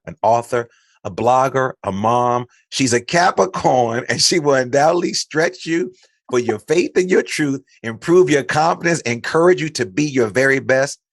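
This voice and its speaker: A man's voice: medium pitch, no room sound, clean studio sound. A man from Chicago hosting a podcast, chatting casually and playfully as he talks up his guest. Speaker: podcast host. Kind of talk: casual interview chat. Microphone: studio mic.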